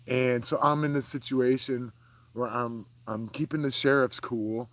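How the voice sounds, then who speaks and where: A man around forty, talking in a casual, heated monologue as the host, full of profanity and swinging between low mutters and raised outbursts. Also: fairly even intonation, unhurried, a bit bright. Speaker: podcast host.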